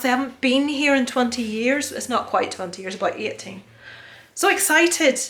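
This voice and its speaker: Woman, 40s, slightly high voice, casual phone vlog at home, excitable, sweary. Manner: chatty, excitable, sweary and self-deprecating. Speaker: vlogger. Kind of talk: casual chat to camera. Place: home, indoors.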